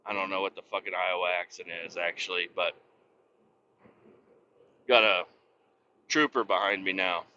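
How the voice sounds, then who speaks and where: Profane rambling man, bright tense voice. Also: sits low, fairly even intonation, normal speed, long pauses, slight background noise. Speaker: podcast host. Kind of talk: casual rant while driving. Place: inside a moving truck on the highway. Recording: dull lo-fi sound.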